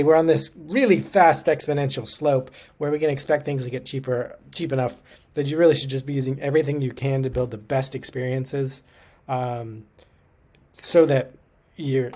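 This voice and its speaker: A man's voice: medium pitch, fairly even intonation, normal speed, warm tone. A man giving a casual, upbeat tech commentary, talking conversationally with plenty of fillers.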